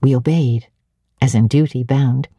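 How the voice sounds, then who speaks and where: A woman narrating a classic novel in the first person as an audiobook, with an expressive reading manner. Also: extremely low pitch, a little slow, no echo, clean studio sound. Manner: expressive, clearly paced reading.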